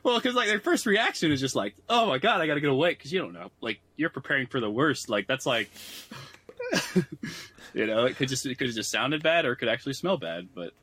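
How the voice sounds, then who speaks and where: Bright-voiced man rambling on a podcast. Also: mid-range voice, big pitch swings, brisk. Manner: rambling, many "like" fillers, laughs often. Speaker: podcast co-host. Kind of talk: casual chat.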